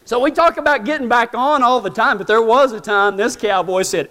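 A man's voice: very high-pitched, a little fast, few pauses, pushed and bright. A man telling a humorous, self-mocking story in folksy rural speech to a live audience. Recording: long hall reverb.

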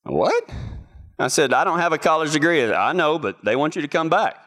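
A man's voice: fairly high pitch, expressive, quick pace, a bit bright. A young man telling a casual, self-amused story and acting out the other people in it. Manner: folksy, self-amused, acts out the voices in his anecdote.

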